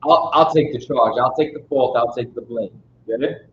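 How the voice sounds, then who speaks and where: A man teaches a Bible study in casual, street-style speech, speaking emphatically and constantly checking that his listeners are following. His medium-pitched voice is a bit bright at normal speed, and the recording sounds roomy and dull with faint noise.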